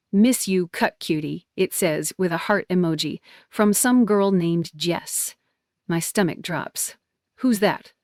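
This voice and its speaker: Young woman reading her story out, kinda low voice, soft and steady, dry. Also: dry recording. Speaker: narrator. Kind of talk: first-person story narration.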